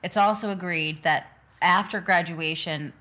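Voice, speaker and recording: A woman's voice: on the low side, unhurried, pushed and bright. A woman co-hosting a movie podcast, recapping the plot in casual chat. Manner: recaps the plot, laughs along. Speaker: podcast co-host.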